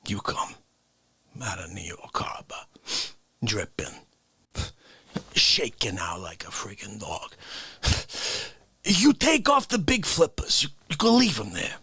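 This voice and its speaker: A man doing a comedic rant, swinging between shouting and hushed whispers. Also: mid-range voice, huge pitch swings, takes it slowly, long pauses, breathy edge, dry recording.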